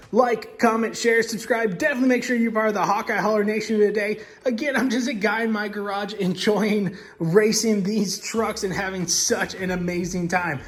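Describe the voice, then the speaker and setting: With a high-pitched, fairly bright voice, this man calls toy monster truck races from his garage at home. He is both host and commentator, delivering excited race commentary in a dramatic announcer style.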